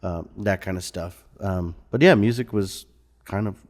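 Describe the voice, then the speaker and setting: Male musician guest, from Missouri, low voice, easygoing conversational delivery. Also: normal speed, a little mellow. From Missouri, USA. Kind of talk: casual interview conversation. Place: bar lounge.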